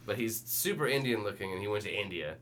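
A man's voice: on the low side, expressive, fast talker, fairly bright tone, slight background noise. A man co-hosting a podcast, trading jokes in casual banter and trailing off mid-sentence. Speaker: podcast co-host.

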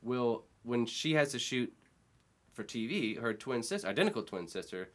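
A man hosting a casual podcast chat, telling animated, profane stories with loud outbursts and laughter. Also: mid-range voice, normal speed. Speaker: podcast host.

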